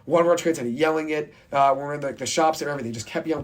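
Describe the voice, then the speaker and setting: Boston guy hosting a radio sports chat; very quick, rambling delivery, slightly raised pitch. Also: slight background noise. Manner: rambling, repeats "at the end of the day". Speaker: host. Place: college radio studio.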